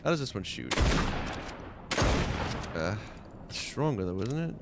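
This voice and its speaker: A man's voice: fairly low pitch, very animated, unhurried, gravelly. A man with a Long Island accent giving casual gameplay commentary, mumbling half to himself while he loots. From Long Island, New York. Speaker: gaming streamer. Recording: noisy game audio underneath.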